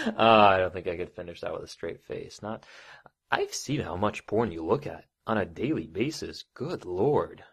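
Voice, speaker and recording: A man performing a domineering adult audio role-play, swinging between hushed whispers and sudden shouted commands. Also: low voice, lively intonation, moderate pace, husky.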